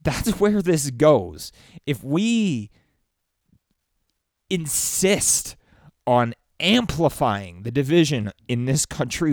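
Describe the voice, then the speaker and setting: A man's voice: on the high side, very animated, slow pace, long pauses, no echo, studio quality. A man delivering an emotional, pleading political rant full of swearing. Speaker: political commentator.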